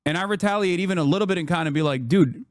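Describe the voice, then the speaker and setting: A man's voice: high-pitched, very fast, no room sound, studio quality. A man in his thirties ranting sarcastically and with profanity as he reacts to news on a live stream. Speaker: political streamer. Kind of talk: casual reaction commentary.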